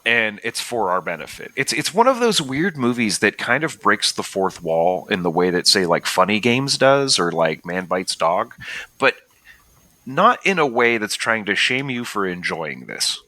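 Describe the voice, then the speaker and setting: Male podcast co-host, excitable and profane, low-ish bright voice, acts out scenes. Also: a little slow, dry recording. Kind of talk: casual movie review chat.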